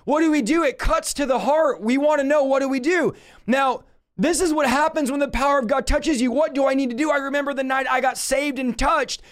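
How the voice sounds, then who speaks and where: A man preaching a fervent Bible teaching, impassioned, with rhetorical questions and bursts of shouting. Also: very high-pitched, fairly quick.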